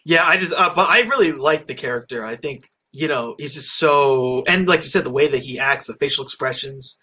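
A man's voice: medium pitch, lively intonation, brisk, bright, forceful tone, breathy edge. A man hosting a casual movie review chat over an online call, rambling with lots of fillers and restarts. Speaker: podcast host. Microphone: own mic on an online call.

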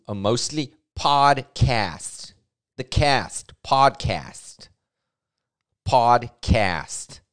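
A man in his forties with a Cape Town South African accent, talking solo on his comedy podcast. His voice sits a little low, and he keeps it playful with sudden leaps up in pitch for emphasis. Between jokes he drops into a quieter, thoughtful tone.

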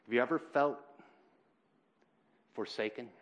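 A man preaching a sermon in church, earnest and halting, swinging between loud emphasis and quiet, heavy moments. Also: medium pitch. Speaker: pastor.

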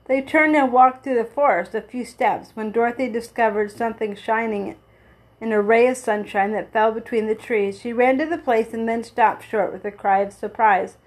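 A woman reads a children's storybook aloud in a fairly high voice. She keeps a steady, plain narrating pace and stumbles now and then before going on. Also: poor audio. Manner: steady reading with small slips and restarts. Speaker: reader.

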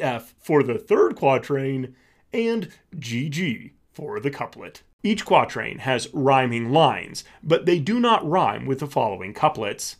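A man reads a scripted educational podcast for children. He speaks slowly and carefully, his pitch moving up and down as he stresses each point. The delivery is clear and instructional. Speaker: podcast host. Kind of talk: scripted educational narration for kids.

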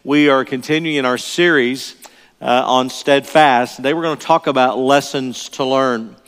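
A man's voice: mid-range voice, steady tone, moderate pace, a bit bright, smooth. An older male pastor delivering a sermon in an earnest, emphatic way, often repeating his key phrases. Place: church sanctuary. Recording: long reverb of a large church hall.

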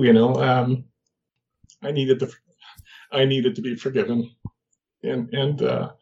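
Older man with a gravelly voice. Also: medium pitch, darkish tone, dull audio. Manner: halting, many restarts and fillers, laughs at himself. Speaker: guest. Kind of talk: personal story in conversation.

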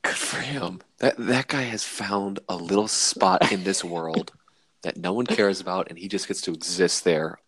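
A man's voice: low voice, measured pace, breathy edge, no echo. A young man co-hosting a casual podcast, telling stories with a laugh and acting out quotes. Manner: laughing, animated storytelling with acted quotes. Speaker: podcast co-host.

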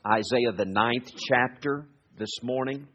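A man preaching a sermon as a guest speaker, praying and reading scripture in an earnest, halting way that slows for the readings. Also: medium pitch, a bit bright, slight background noise. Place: church sanctuary. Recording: echoey hall, dull lo-fi sound.

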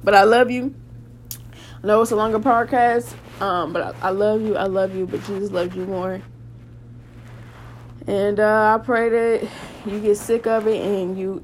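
A woman's voice: mid-range voice, slight background noise. A woman, hosting a preaching podcast and praying aloud with fervent emphasis. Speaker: podcast host.

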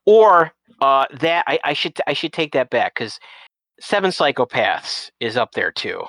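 Casual male talker, mid pitch, stumbling restarts, very dry booth-like sound. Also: sing-song, unhurried, a bit bright, no room sound, low-quality recording. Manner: rambling, many restarts and repeated words. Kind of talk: casual chat.

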